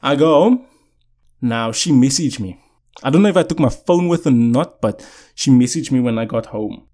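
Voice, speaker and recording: Seated indoors, a young man hosting a podcast shares a personal story in casual chat, often dropping "you know what I'm saying." His mid-range voice is expressive and mellow at a moderate pace.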